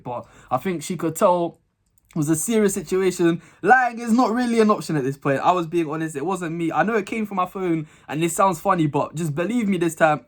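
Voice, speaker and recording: A young man telling a school story to his channel, acting out the voices and laughing often. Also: on the high side. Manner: animated, acts out dialogue, laughs a lot. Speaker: vlogger. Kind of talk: casual storytime.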